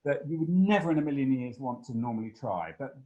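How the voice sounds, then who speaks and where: A man giving a long, animated interview answer, full of fillers and playful asides. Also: mid-range voice, fast talker, lo-fi sound. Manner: expansive, animated storytelling with many fillers.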